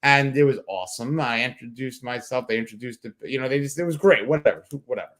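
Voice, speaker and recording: A man from New York, co-hosting a sports podcast, rambling and excitable as he tells stories in casual chat. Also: medium pitch, fast. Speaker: podcast co-host.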